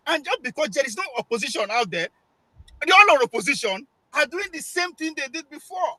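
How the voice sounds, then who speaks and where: A man's voice: very high voice, animated, normal speed, bright, forceful tone, no room sound, poor audio. A Nigerian man, a guest, laying out his argument at length with rhetorical questions and bits of Pidgin. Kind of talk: debate-style discussion.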